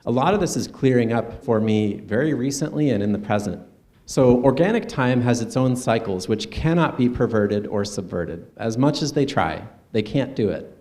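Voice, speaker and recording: A man speaking earnestly at a conference, in a conversational presentation with soft asides. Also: mid-range voice, expressive, moderate pace. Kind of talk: personal stage presentation. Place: conference stage.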